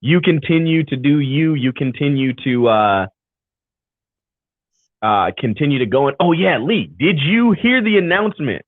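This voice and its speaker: His voice is fairly high with big pitch swings and a slightly slow pace as he co-hosts a live racing talk show. Speaking over a video call, he rambles casually through thanks and sign-offs. The sound is tinny like a phone, with no echo.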